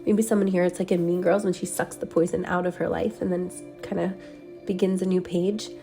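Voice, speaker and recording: A woman with a mellow, slightly low voice drifts through a spiritual transmission, wandering from thought to thought with plenty of soft fillers. Faint music plays quietly under her. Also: flat delivery, brisk, creaky. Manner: dreamy, meandering, many "like" and "um" fillers. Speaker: spiritual channeler. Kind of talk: meditative energy transmission talk.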